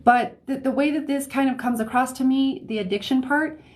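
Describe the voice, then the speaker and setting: A woman's voice: high-pitched, brisk. Chatty woman doing a livestream reading. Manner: chatty, frequent "okay?" check-ins; soft laughs between phrases. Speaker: psychic reader. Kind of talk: live-stream tarot reading. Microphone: phone or desk mic on livestream.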